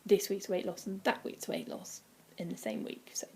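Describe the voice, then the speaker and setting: A woman chatting casually from home in a vlog, rambling with many ums and dropping into quiet, breathy asides. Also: medium pitch, flat delivery, normal speed, slight background noise. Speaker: vlogger. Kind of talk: casual weight-loss vlog. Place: indoors at home, by a window.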